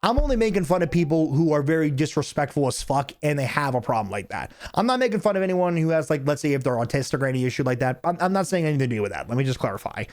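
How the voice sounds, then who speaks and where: A man's voice: mid-range voice, racing, hardly any pauses. A man streaming a game, telling stories with heavy swearing and frequent laughter. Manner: profane, laughing, animated venting. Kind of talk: casual gameplay commentary with storytelling.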